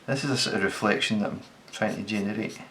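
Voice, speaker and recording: A man talking casually as he sketches, thinking aloud, correcting himself and sometimes dropping to a quiet mutter. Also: fairly low pitch, quick pace, a little hiss or hum. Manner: relaxed, thinks aloud, self-correcting, drops to mutters while working. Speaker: designer sketching on camera. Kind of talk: casual commentary while sketching.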